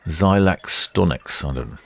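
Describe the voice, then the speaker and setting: A man's voice: low-pitched, lively intonation, a little slow, creaky. A man hosting a live ship-watching stream, chatting casually and reading out viewer comments as ships depart port. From England. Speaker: livestream host narrating ship departures. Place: quayside port camera station.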